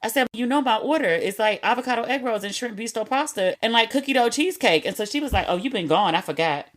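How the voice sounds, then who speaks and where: A woman's voice: a little high, expressive, quick pace. A young woman hosting a podcast, telling stories in a candid, casual way with slang and profanity. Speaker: podcast host. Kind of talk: casual solo chat.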